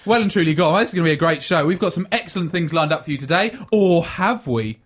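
A man's voice: on the high side, expressive, quick pace, a bit bright. A young man hosting a comedy podcast with his friends, doing mock-grand introductions and joking and laughing a lot. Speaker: podcast host. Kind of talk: casual comedic podcast banter.

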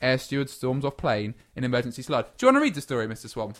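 A man's voice: mid-range voice, very animated, racing, fairly bright tone. A man hosting a comedy podcast, teasing his co-hosts in a mock-pompous way. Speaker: podcast host. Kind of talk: comic banter on a podcast.

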